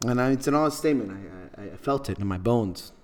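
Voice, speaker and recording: Hosting a casual podcast, this man has a mid-range voice and talks fast and expressively. His storytelling is sincere and heartfelt, and he frequently repeats himself.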